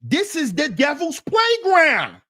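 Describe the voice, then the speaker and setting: A man's voice: extremely high pitch, wildly swooping pitch, slow pace, bright, forceful tone, no echo, clean studio sound. A man hosting a livestream, reading chat comments aloud and answering them in an emphatic, mocking way that repeats phrases.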